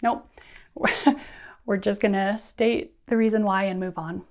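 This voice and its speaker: Woman, teacher trainer, instructional talk, friendly and brisk, mid-pitched voice. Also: fairly even intonation. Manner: friendly, brisk, acts out classroom quotes.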